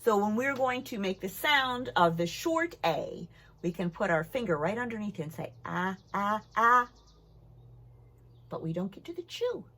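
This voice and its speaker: An older woman teaching young children a phonics lesson, playful and fond of drawn-out sound demonstrations. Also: mid-range voice, big pitch swings.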